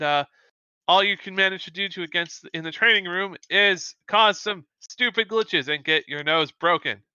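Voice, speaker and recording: A man's voice: high-pitched, bright, forceful tone, smooth, dry recording, dull audio, voice pushed up. A man playing a harsh, scolding female combat teacher.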